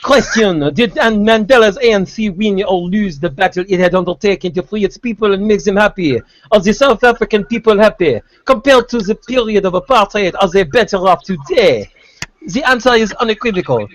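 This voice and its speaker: A man's voice: high-pitched, expressive, a little fast, dry recording, pitched above the performer's own voice. A man reading an article in an obnoxiously bad fake French accent, playing a pompous writer. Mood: mocking. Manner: over the top, obnoxious.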